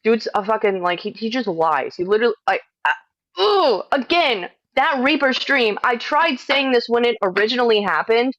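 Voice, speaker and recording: A woman's voice: on the high side, expressive, normal speed, fairly bright tone, dry recording. An exasperated woman talking on a livestream, cursing freely and breaking off mid-sentence. Her cheap microphone sounds dull and lo-fi. The sound is dry and close. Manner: exasperated, swears often, hesitant restarts. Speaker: streamer responding to accusations. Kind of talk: livestream chat. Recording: dull lo-fi mic.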